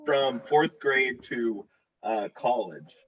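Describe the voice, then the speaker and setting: A man answering trivia questions in an easygoing, relaxed way. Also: mid-range voice, slow pace, highs cut off, crowd noise. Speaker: quiz contestant. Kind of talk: casual chat on video call.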